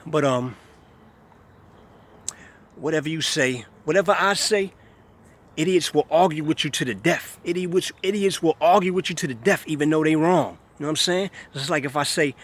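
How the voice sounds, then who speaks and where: A vlogger speaks directly to camera at a moderate pace in a voice on the high side, delivering an emphatic, scornful ranting monologue. He keeps returning to the same points, hammering each one hard.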